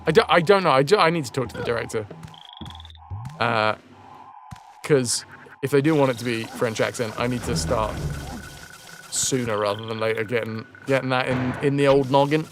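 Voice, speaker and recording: A man's voice: mid-range voice, moderate pace, pauses often, background noise. A young man casually chatting and swearing as he streams a game, crude and self-mocking. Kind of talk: casual live gameplay commentary.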